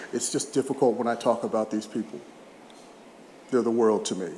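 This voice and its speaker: A man around sixty speaks at a podium in a large hall, his mid-pitched voice carrying a long reverb tail over a faint murmur of ambience. He mixes heartfelt, emotional moments with humorous stories. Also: a little fast, warm tone, slight background noise. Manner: emotional, humorous storyteller who chokes up at times. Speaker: retired baseball player giving an awards speech. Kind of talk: heartfelt public speech with anecdotes.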